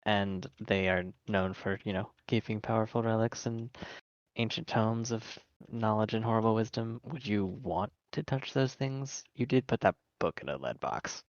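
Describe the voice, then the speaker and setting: A man playing in a tabletop game, explaining in a measured way. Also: on the low side, no echo. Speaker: player. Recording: dull lo-fi audio.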